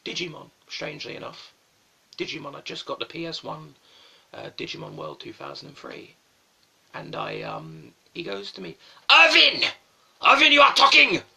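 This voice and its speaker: A man's voice: medium pitch, huge pitch swings, moderate pace, vocal fry, sharp tone, breathy edge. A young man rambling through stories on a live stream, swearing often and mocking himself.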